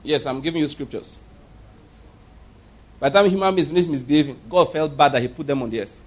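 A man preaching in a husky, somewhat high voice. He works through his sermon as a string of stories and drives each point home with emphasis and repetition. He slips into the voices of the people he quotes. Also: brisk. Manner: emphatic storytelling preacher who acts out quoted speech. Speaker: pastor.

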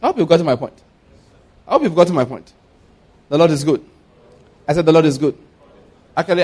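A man's voice: mid-range voice, a little mellow. A male pastor preaching a sermon, repeating his points and asking the congregation to respond.

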